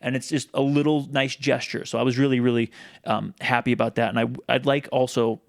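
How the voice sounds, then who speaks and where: A man's voice: mid-range voice, level tone, a little fast, vocal fry, dry recording, clean studio sound. A man co-hosting a casual podcast chat, talking loosely with restarts and fillers. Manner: chatty, many restarts and fillers. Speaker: podcast co-host.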